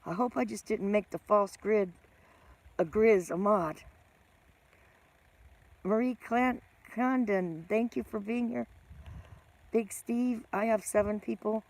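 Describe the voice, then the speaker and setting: A woman's voice: mid-range voice, slow pace, long pauses, a little mellow. A middle-aged woman hosting a casual live stream, greeting viewers by name and teasing herself.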